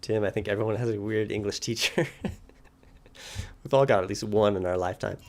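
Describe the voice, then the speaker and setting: A man chatting casually while playing a video game, relaxed and laughing easily. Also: fairly low pitch, moderate pace. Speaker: game streamer. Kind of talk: casual let's play commentary.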